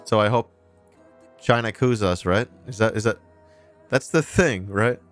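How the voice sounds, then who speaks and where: A man's voice: lowish voice, measured pace, soft background music. A man hosting a livestream, reacting to news clips in a sarcastic, ranting way and swearing freely. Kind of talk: casual livestream commentary.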